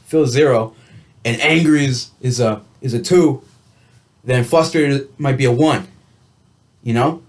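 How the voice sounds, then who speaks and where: A man talking casually to camera in a vlog, rambling through his thoughts on coping with stress, full of restarts and "you know.". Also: mid-range voice. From United States. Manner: reflective, laughs lightly now and then. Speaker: vlogger. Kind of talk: casual rambling self-help talk.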